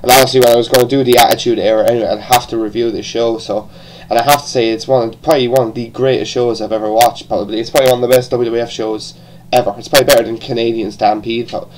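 A man's voice: medium pitch, steady tone, fast talker, hardly any pauses, a little hiss or hum, low-quality recording. An Irish-accented man talks through a review in an easy, unscripted way. He trips over his words and starts sentences again, with a casual curse here and there. His voice sits in an ordinary middle register. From born in England, raised partly in Ireland. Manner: rambling, with frequent restarts and casual swearing. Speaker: wrestling show reviewer.

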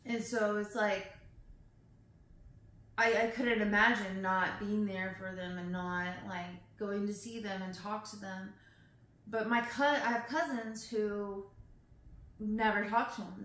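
A young woman reading poems aloud slowly and expressively, breaking off into emotional, chatty asides. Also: medium pitch, steady tone, a bit bright. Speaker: poetry reader. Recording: roomy echo.

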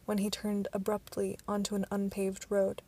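Amateur woman audiobook narrator, gravelly and flat, some stumbles and restarts. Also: medium pitch, normal speed.

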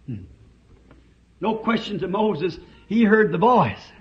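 Southern man, revival preacher, slow and deliberate, shouting then hushed, on a dull old tape. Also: sits high, sing-song. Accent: Southern United States. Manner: impassioned, swings from shouting to hushed. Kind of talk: old-time revival sermon. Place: church service.

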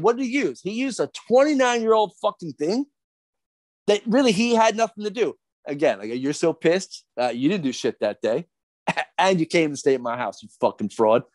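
On a podcast, a middle-aged skateboarder gets worked up in a profane rant, crowding his speech with repeated fillers and restarts. His darkish voice is a bit high for a man and swings widely in pitch. It is captured on a close studio mic in a dry, dead room with no echo.

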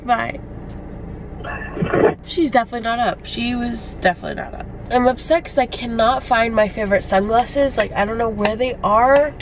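A woman's voice: fairly high pitch, normal speed, background noise. Upbeat stuffy young woman vlogging. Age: young adult. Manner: chatty, upbeat, talks straight to camera. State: stuffy nose. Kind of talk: casual vlog chat.

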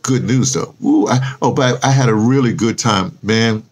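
A man's voice: on the low side, moderate pace. A man with a New York accent talking casually and rambling to camera in a vlog, thinking aloud as he types a post. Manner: chatty, self-talk while typing a post, spells words aloud. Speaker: vlogger.

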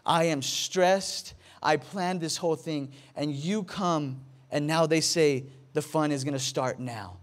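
A frazzled young mother, tired after a long day of doing everything herself, acted out by a man. She drags out each complaint slowly and wearily, on a voice sitting fairly high. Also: close to an everyday voice. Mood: exasperated. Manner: slow, weary complaining. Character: stressed, worn-out young mother.

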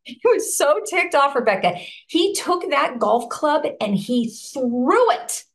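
A woman chats as a podcast guest, spinning a story with animated energy. Her voice leaps high whenever she acts out what someone said. She leans on "like" and "you know" and talks to listeners as friends, in a relaxed, conversational way. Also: takes it slowly. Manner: animated, acts out quoted voices with big pitch swings.

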